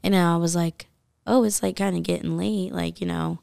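A young woman with a low, gravelly voice tells a personal story in loose, chatty podcast talk. She fills her speech with likes and you-knows. The sound is close and dry. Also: fairly even intonation, normal speed, a little mellow, no echo. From United States. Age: young adult. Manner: chatty, full of fillers and likes. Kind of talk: casual storytelling chat.

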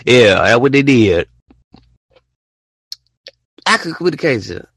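A man's voice: mid-range voice, big pitch swings, measured pace, fairly bright tone, slightly rough, no room sound. A young man hosting a casual solo podcast, rambling and repeating himself as he acts out text conversations. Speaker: podcast host.

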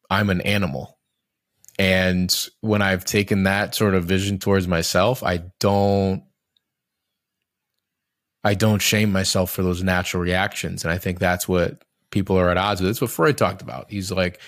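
In a casual conversation, a man with a low-sitting voice talks reflectively and candidly. He often restarts sentences while searching for words and swears casually now and then. The studio-quality recording has no room sound.

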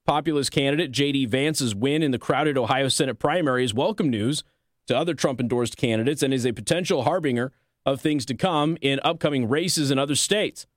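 A man's voice: mid-range voice, brisk, no room sound, clean studio sound. A man hosting a political commentary show, reading news articles aloud and breaking in with sarcastic, combative asides. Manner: sarcastic, combative asides between read passages.

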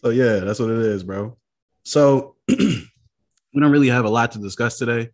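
A man's voice: mid-range voice, moderate pace, darkish tone. A man co-hosting a podcast in laid-back, slangy casual chat, often tossing in filler questions. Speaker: podcast co-host.

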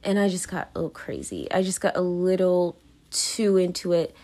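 A young podcast host pours out her feelings in a rambling, self-conscious confessional monologue, full of fillers and restarts. Her fairly low, mellow voice is very animated, moving at a moderate pace.

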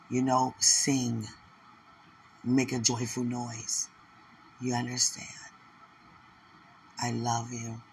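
A man giving an emotional live prophetic word of encouragement, repeating phrases and rising into excited exclamations. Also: vocal fry, a little hiss or hum. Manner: emotional, repetitive, building to excited high exclamations.

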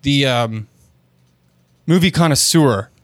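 A man co-hosting a comedy podcast, pitching a fake sponsor with many hesitations and fillers. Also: takes it slowly, dry recording. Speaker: podcast co-host. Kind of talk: casual comedic chat.

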